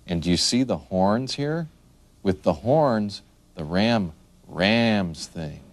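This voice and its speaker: Man, low voice, lively sing-song, children's animal lesson, dry close sound. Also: creaky, no echo. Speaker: children's teacher. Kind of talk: children's picture-book narration.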